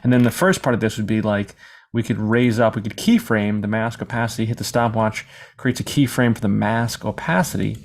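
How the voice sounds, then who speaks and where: A man teaching a screen-recorded software lesson in a casual, rambling way, sometimes acting out questions from imagined viewers. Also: fairly low pitch, fairly quick. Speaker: software tutorial instructor.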